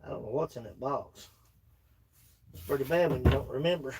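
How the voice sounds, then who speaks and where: A man's voice: mid-range voice, a little fast, noisy background. A man with a drawl, chatting in a folksy, joking way while tidying his workshop. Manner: folksy, joking, talks to viewers and objects. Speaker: woodworking vlogger. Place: cluttered home workshop.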